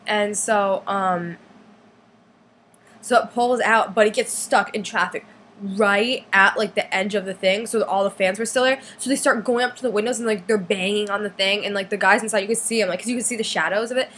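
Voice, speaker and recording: A teenage girl casually telling a long story to her camera, full of "like" and acted-out quotes in a higher voice. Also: fairly even intonation, brisk, fairly bright tone, a little hiss or hum. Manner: chatty, lots of "like", acts out quotes in higher voice. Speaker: fan vlogger.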